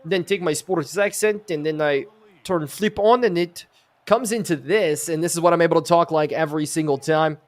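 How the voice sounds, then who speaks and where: A man putting on a deadpan voice. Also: on the high side, normal speed, close to an everyday voice. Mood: deadpan joking. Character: man joking as a Russian speaker.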